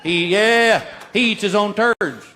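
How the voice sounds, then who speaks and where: A man's voice: sits high, slow. A man doing a stand-up routine on stage. He is folksy and exasperated and laughs at his own jokes. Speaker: stand-up comedian. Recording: live stage recording with audience. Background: audience and room noise.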